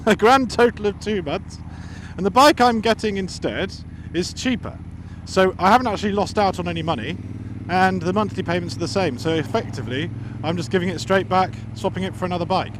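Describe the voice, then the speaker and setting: A high-voiced man rambles playfully to camera, poking fun at himself as he goes. He sounds outdoors near the road, with loud traffic noise running under his voice. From England. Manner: rambling, self-mocking and playful. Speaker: motorcycle vlogger. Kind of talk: casual chat to camera.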